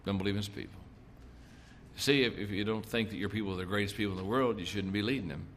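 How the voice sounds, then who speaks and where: A man's voice: fairly low pitch, very fast, fairly bright tone, a little hiss or hum. A middle-aged man giving a leadership seminar talk, telling folksy stories and repeating his points for emphasis. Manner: folksy storytelling, emphatic repetition. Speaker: leadership speaker.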